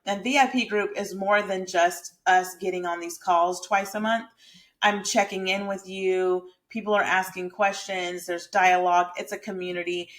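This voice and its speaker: A woman who doubles as a hairstylist and a lifestyle and mindset creator gives her viewers a casual, emphatic, motivational talk straight to camera, keeping it chatty. She has a medium-pitched, slightly bright voice.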